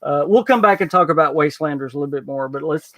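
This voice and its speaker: A man's voice: fairly high pitch, quick pace, fairly bright tone, no room sound. A man hosting a casual podcast, reading viewer comments in an easygoing way, with many fillers and restarts. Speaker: podcast host.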